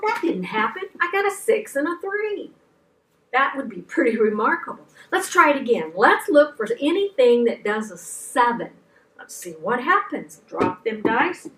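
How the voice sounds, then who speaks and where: A woman gives an animated object lesson for children, her pitch swinging up and down as she exclaims. Her tone is bright and her delivery slow. The mic picks her up from a distance, with faint noise underneath.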